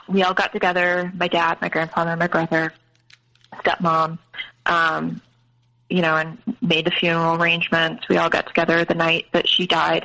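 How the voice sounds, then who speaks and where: A woman's voice: lowish voice, creaky, bright, forceful tone, rough recording. A woman guest telling a personal family story in an interview, hesitant, with many fillers and restarts.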